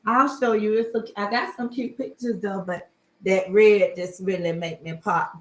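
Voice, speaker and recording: Animated woman, echoey and off-mic. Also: a little slow. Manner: animated, swinging between loud outbursts and low murmurs; flirtatious, teasing. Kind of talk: casual livestream chat. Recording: echoey room, far from the mic.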